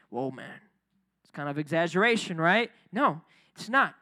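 A young man preaching a casual, energetic youth sermon, building up to near shouting at its peaks. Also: on the high side, moderate pace.

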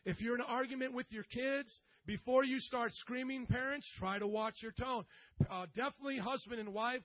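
High-pitched pastor guy preaching, jokey and animated, kinda dull dry sound. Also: a little fast, dry recording. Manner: animated, jokes with the congregation, rises to loud bursts. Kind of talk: sermon.

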